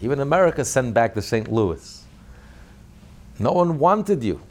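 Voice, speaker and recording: A man's voice: medium pitch, very animated, a little slow. A man acting out a cruel male Nazi soldier who mocks and taunts a Jew he is beating. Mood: mocking. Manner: taunting, scornful, shouting rhetorical questions.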